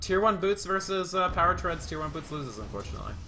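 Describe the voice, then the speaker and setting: Excited man calling esports play-by-play. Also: a little high, a little hiss or hum. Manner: rapid excited calls rising on big plays. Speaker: play-by-play caster.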